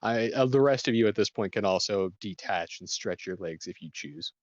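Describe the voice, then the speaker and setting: A man's voice: fairly low pitch, moderate pace, no echo, muffled recording. A man running a tabletop game as game master, hesitant and filling with "kinda" and "uh".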